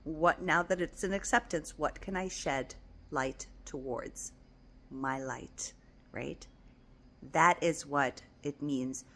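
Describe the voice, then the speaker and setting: A woman with a lowish voice gives a gentle spiritual self-help talk. She speaks tenderly, repeats affirming phrases and often sinks to a near whisper. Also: a little slow. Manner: soft and tender, slipping into whispers. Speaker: spiritual teacher.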